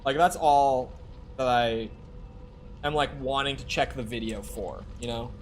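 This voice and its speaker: A man with a medium-pitched voice talks a little slowly against slight background noise. During his casual game stream he chats, swears freely and talks back to the screen as he plays.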